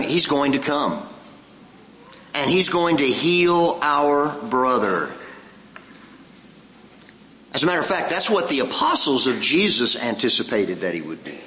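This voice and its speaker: A man's voice: medium pitch, sharp tone, in a large hall, rough recording. A man preaching a morning sermon, earnest and conversational, asking the congregation questions and repeating lines for emphasis.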